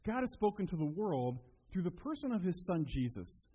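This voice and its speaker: A male pastor preaching with a lively, up-and-down delivery, breaking into little acted-out voices while he tells stories. His voice sits a bit high and has a husky edge. He speaks to a congregation in a church. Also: normal speed, poor audio. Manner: animated storytelling, acts out quotes. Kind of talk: sermon.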